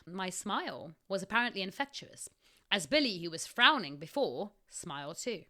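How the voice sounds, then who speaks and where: A woman's voice: mid-range voice, big pitch swings, moderate pace, sharp tone. A woman podcast host in her thirties reading her own story aloud, casual, often breaking off to laugh.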